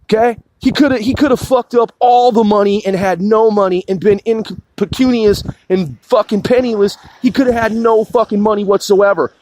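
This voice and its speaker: A man's voice: high-pitched, steady tone, moderate pace, few pauses, darkish tone. A man on a heated political rant, swearing constantly, repeating and restarting his sentences.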